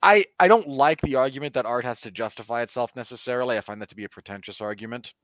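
A man's voice: mid-range voice, quick pace, fairly bright tone, dry recording, muffled recording. A man co-hosting a casual film review podcast, sardonic, given to exaggerated mock outbursts. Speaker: podcast co-host.

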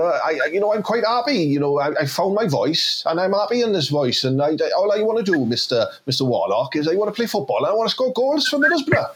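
A man's voice: fairly high pitch, close to an everyday voice. A man playing a frustrated young Welsh footballer who stammers and repeats his words, in a comedy sketch impression.

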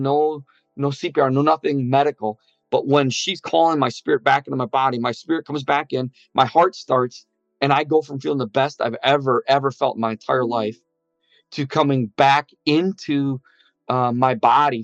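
Guy telling his near death story, earnest, mid voice, a bit muffled, quiet music underneath. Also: medium pitch, dry recording. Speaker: near-death experience witness. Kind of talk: personal testimony.

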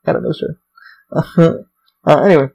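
A man's voice: fairly high pitch, a little slow, creaky, a little mellow, dull audio. A man hosting his own podcast, telling rambling, profane stories about his theme park job. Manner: profane, rambling, heavy swearing. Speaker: podcast host. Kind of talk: rambling casual storytelling.

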